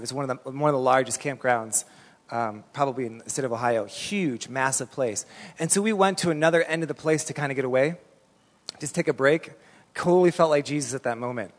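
A middle-aged man preaching a sermon as a pastor, telling stories in an animated, conversational way. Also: medium pitch, fairly quick. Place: church hall. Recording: long reverb in a church hall.

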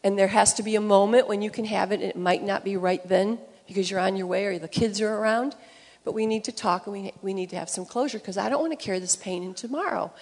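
A woman's voice: mid-range voice, fast, a little mellow. A woman speaking earnestly in a church sermon. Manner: earnest, speaks of trusting God. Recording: long reverb of a hall.

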